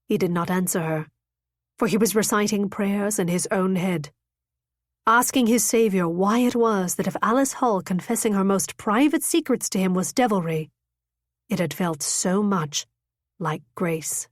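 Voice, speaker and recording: A woman narrates a romance audiobook from a script, her middle-pitched voice intimate and measured. The recording is dry and close, without any room echo.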